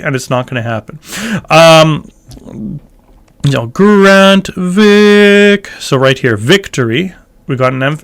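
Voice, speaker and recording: A man's voice: medium pitch, a bit bright. A man teaching church chant tones in a casual way, explaining notation and breaking into short sung phrases. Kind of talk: casual instructional talk with sung examples.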